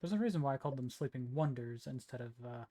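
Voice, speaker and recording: A man voicing a player in a tabletop role-play, describing in the first person what his character does and says. His voice is mid-pitched and ordinary. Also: expressive, fast talker, dark tone. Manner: narrates own character's actions in first person.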